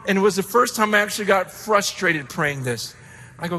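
A middle-aged man preaching a sermon, telling a story with emphatic swings between loud excitement and hushed intensity. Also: high voice, brisk, slight background noise. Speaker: pastor.

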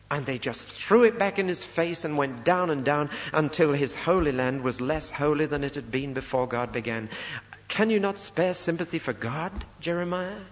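A man preaching a sermon in a church, earnest and impassioned as he voices the cries of scripture. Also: medium pitch. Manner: earnest and impassioned, voicing scripture as a heart cry. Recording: dull lo-fi recording in a reverberant hall.

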